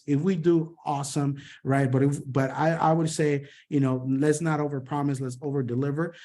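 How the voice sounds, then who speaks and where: Upbeat male sales trainer, slightly high voice, rapid-fire coaching on a video call. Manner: energetic, repeats "right?" and "boom", rapid delivery.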